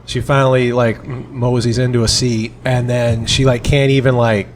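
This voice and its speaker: A man's voice: mid-range voice, normal speed, heavy background noise. A man, a bartender guest on a podcast, telling a story in casual chat and acting out the people in it. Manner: animated storyteller acting out quotes.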